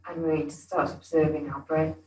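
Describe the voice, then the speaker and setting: Woman yoga instructor, low and soothing, leads breathwork in an echoey studio. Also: flat delivery, darkish tone, distant mic. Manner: slow, soothing guidance. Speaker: yoga teacher. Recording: echoey room.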